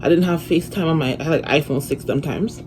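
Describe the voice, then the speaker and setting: A young woman chatting through a storytime on her phone, profane and animated as she retells it. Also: sits low, fast, music in the background. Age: young adult. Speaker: vlogger. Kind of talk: casual storytime vlog. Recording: noisy phone recording with room ambience.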